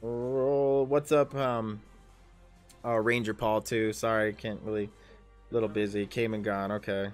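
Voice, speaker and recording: A man's voice: on the low side, flat delivery, measured pace, faint music behind. A man in his thirties acting as dungeon master on a casual livestream, thinking aloud as he reads out the adventure and calls for rolls. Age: 30s.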